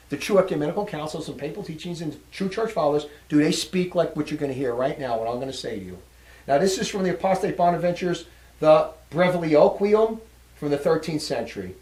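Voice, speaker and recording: Male lecturer, high voice, indignant and scornful, reads quotes then rails against them; echoey room. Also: a little mellow. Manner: indignant, scornful, reading long quotes aloud. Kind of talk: religious lecture.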